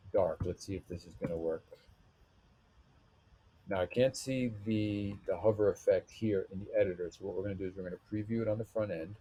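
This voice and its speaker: A man's voice: sits low, mellow, husky. A man narrating a screen-recorded web design tutorial, thinking aloud as he clicks through menus and settings.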